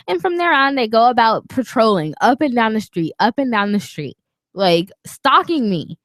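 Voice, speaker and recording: A woman co-hosting a podcast, telling a story in casual chat, animated and swearing, acting out what others said. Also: on the high side, normal speed, no echo. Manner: animated, swearing, acts out quotes. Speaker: podcast co-host. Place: small podcast studio.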